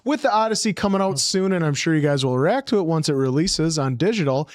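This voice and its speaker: Easygoing co-host, a man, slightly high-pitched, reading chat messages on a dry close mic. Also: lively intonation, quick pace, dry recording. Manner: easygoing, reads viewer messages aloud. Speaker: podcast co-host. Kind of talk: casual live-stream chat.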